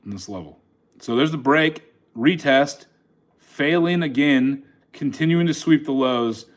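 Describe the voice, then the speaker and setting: A man's voice: mid-range voice, a little slow. A man casually talking through his live day trades, speaking to the chart and laughing often, recorded on a phone he holds in his hand. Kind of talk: casual live trading commentary. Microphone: phone held in hand.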